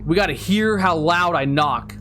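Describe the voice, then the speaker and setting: A man's voice: a little high, normal speed, a bit bright, faint music behind. A man hosting a horror game playthrough, chatting casually and teasing his viewers. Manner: playful, teasing, jokes to viewers. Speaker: gaming video host. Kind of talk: casual let's-play commentary.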